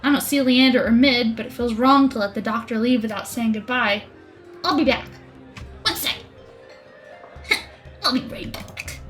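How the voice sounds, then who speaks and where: A young adult woman streaming a story game, reading it aloud and joking through animated reactions. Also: a little high. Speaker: streamer reading a visual novel.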